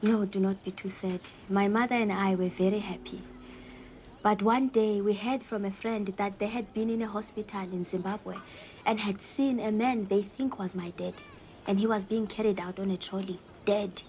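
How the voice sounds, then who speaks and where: A woman's voice: medium pitch, fairly even intonation, moderate pace, a little mellow, slight background noise, natural voice. A woman playing an earnest, polite young woman client telling her family story.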